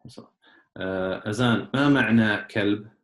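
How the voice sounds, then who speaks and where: A man teaching a class, patiently explaining words step by step and often clearing his throat. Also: fairly low pitch, fairly quick, fairly bright tone, reverberant. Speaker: Arabic teacher. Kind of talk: online class lesson.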